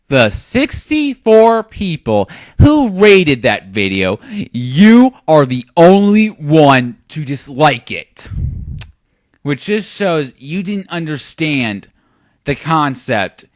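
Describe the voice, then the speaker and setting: A man's voice: a little high, dry recording, studio quality. A young man giving a lecturing, sarcastic commentary rant on a video. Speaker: YouTube commentator.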